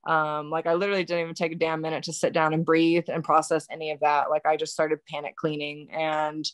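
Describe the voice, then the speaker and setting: A woman telling a painful personal story as a podcast guest, halting and full of fillers and restarts, still in shock. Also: deep voice, monotone, dry recording. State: recounting shock and grief. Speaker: birth worker.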